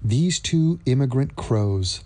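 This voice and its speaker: A man's voice: medium pitch, animated, slow, mellow. A man hosting an opinion commentary vlog, talking in a sarcastic, mocking way.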